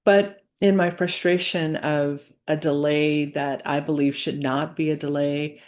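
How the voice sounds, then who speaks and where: A woman speaking to camera in a reflective personal vlog, earnest and halting, with many fillers and restarts. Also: deep voice, flat delivery, darkish tone. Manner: earnest, faith-centered. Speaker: business owner vlogging.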